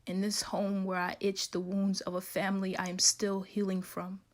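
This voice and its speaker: A young woman performing grave, measured spoken word poetry. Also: mid-range voice, completely flat delivery. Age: young adult.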